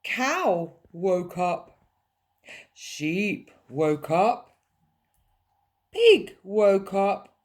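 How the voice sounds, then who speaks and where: A woman reading a picture book aloud to young children in a playful, animated way, adding sound effects. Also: mid-range voice, extremely slow, long pauses. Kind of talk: storybook read-aloud for children.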